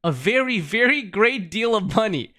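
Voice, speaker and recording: A man voicing a boastful, blustering older duke in a lowered voice, speaking in short, self-praising phrases. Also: expressive, normal speed, pushed and bright. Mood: bragging.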